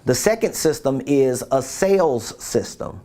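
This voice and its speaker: A man's voice: medium pitch, sing-song, a little slow, warm tone. A man giving a business coaching talk, emphatic and repeating his key points, who acts out quotes in different voices.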